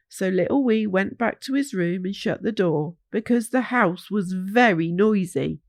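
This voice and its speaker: Slow, soothing woman reading a children's story. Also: medium pitch, animated, no echo, studio quality.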